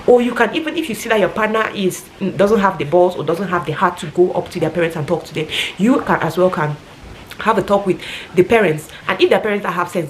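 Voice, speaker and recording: A woman's voice: mid-range voice, slight background noise. A woman talking casually and earnestly, giving rambling advice like a vlogger.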